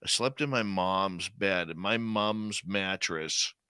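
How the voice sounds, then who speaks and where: A man's voice: sits low, takes it slowly, pushed and bright, smooth, no room sound. A man hosting a live radio show, chatting casually and joking as he greets listeners in the chat by name.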